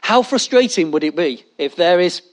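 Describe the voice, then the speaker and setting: A man preaching a sermon, animated and jokey, talking straight to his congregation. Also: high voice, normal speed. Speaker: pastor.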